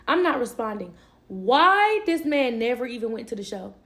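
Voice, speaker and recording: A woman's voice: fairly high pitch, big pitch swings, normal speed, a bit bright. A young woman telling a personal story in a casual, candid way, swearing and laughing easily.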